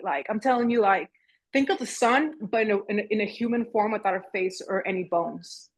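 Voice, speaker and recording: A woman in her thirties recounts hard personal experiences as a podcast guest. Her voice is husky and her speech halting, with frequent restarts as she searches for words. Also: medium pitch. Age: 30s. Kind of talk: emotional personal storytelling.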